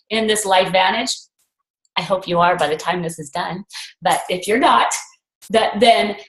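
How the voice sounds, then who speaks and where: A woman's voice: mid-range voice, echoey room, low-quality recording. A woman leading a network marketing group on a video call, talking earnestly in a rambling, motivational way and repeating affirmations with emphasis.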